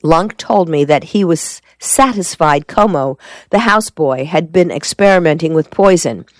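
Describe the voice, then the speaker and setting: A woman reading a shrewd male defense lawyer from a storybook, calm and measured, who deflects every question with dry composure. His voice sits a touch above her own low tone and sounds close and dry. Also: no echo. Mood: confiding. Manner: cool, measured and evasive.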